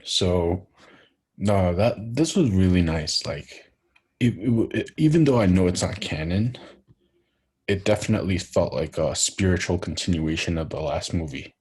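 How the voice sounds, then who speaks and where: A man chatting casually, talking low and murmuring into a laptop microphone, with lots of fillers. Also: lively intonation, moderate pace, darkish tone, slightly rough. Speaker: co-host. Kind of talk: casual chat.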